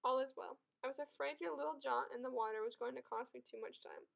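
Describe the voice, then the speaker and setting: A woman's voice: sits high, fast, gravelly, lo-fi sound. A woman voicing an arrogant, scheming Sicilian criminal who makes threats and boasts, in a storybook reading. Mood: smug.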